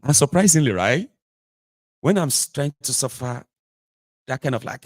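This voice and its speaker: A Nigerian man hosting a casual livestream monologue from a home studio, animated, slipping into pidgin and acting out little scenes. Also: medium pitch, a little fast, pauses often, dry recording. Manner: animated, mixes pidgin and Yoruba, acts out voices. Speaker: host.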